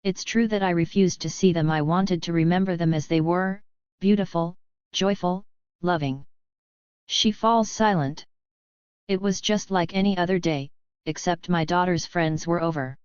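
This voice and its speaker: Grave woman reading in a low, smooth voice. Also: steady tone, normal speed, darkish tone, dry recording, lo-fi sound. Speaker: reader of first-person testimony. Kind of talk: measured audiobook reading.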